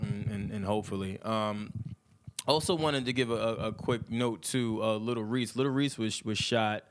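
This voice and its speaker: A man hosting a casual group podcast, talking in an animated, teasing way and often repeating his words. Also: lowish voice, smooth. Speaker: podcast host.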